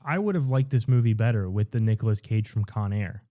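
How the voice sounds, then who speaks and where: Rambling man with a very dark voice. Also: on the low side, a little fast, no echo, clean studio sound. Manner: rambling, profane, self-deprecating. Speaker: podcast co-host. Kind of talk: casual chat.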